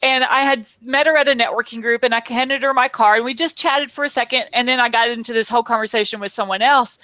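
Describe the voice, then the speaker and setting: Chatty high-voiced woman, muffled sound. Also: fairly even intonation, fast, sharp tone, no echo. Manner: chatty, many "you know" fillers. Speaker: guest, public speaker. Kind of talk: conversational interview.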